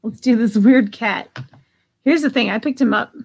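A woman's voice: a little high, moderate pace, gravelly, a little mellow. A woman hosting a live online auction, chatting casually and giggling as she reads out bids. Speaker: live sale host.

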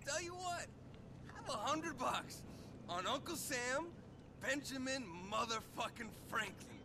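An actor playing a smug, mocking rich young man in a video game, talking in a slow, slurred drawl. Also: extremely high pitch, expressive, background noise, full character voice. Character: smug rich young male party boy.

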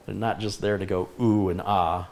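A male tech host chats with his live audience in a relaxed, enthusiastic way. His voice sits on the low side, casual and talkative. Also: normal speed. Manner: chatty, enthusiastic, reads viewer comments aloud. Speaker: tech YouTuber hosting a live stream. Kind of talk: casual live stream chat.

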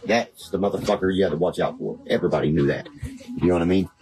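Deep-voiced rambling man. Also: fast talker, darkish tone, rough recording. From West Virginia. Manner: profane, rambling, conspiratorial. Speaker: guest. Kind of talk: rambling casual chat. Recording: background music playing.

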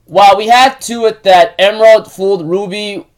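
A man casually recapping a show episode, halting often with fillers and restarts. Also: high-pitched, fairly even intonation. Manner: repeats stock phrases while retelling.

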